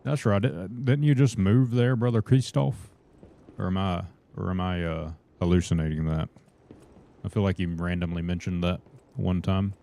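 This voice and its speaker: Deep-voiced man streaming games. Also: moderate pace, gravelly, slight background noise. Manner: relaxed, chatty, reads chat and greets viewers as brothers. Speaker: livestreamer. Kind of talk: casual gameplay livestream chat.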